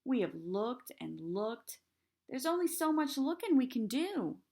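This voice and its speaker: A woman reading aloud, voicing a sad, gentle preacher father who speaks softly and wearily. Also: high voice, big pitch swings, unhurried, voice pushed up, heavily acted. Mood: weary.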